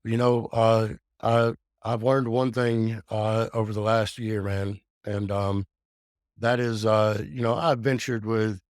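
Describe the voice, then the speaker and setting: A man's voice: on the low side, flat delivery, takes it slowly, no echo, clean studio sound. A man in his forties speaking candidly as a podcast guest, earnest and open, with frequent fillers and restarts. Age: 40s. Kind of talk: casual podcast talk.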